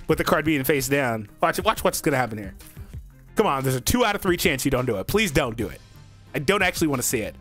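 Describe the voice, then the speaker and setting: This young gaming-channel host's voice is on the high side. Playing a card game, he comments excitedly, talks to himself, and laughs a lot.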